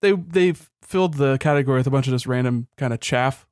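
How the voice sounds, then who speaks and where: A young man co-hosts a relaxed podcast chat with a smooth, resonant voice. He talks things through thoughtfully and slips in dry jokes. The sound is close and dry, with no room around it. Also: mid-range voice, fast, no echo. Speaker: podcast co-host. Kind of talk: casual chat.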